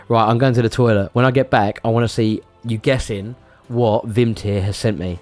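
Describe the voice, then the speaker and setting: A man's voice: on the low side, steady tone, moderate pace, soft background music. A man chatting casually on a live stream, rambling and stammering, swearing now and then.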